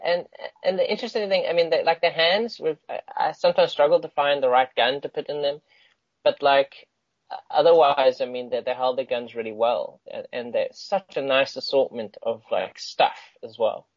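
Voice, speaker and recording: A man's voice: medium pitch, fairly even intonation, moderate pace, dry recording, highs cut off. Enthusiastic, rambling man host. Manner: enthusiastic, laughs often, rambling. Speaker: podcast co-host. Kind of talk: casual chat.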